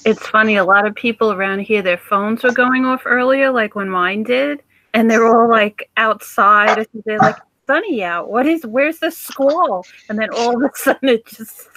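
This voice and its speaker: A woman's voice: on the high side, normal speed, noisy background. A woman vlogger in casual chat to camera at home, folksy and talkative. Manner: chatty, folksy, talks to her dogs.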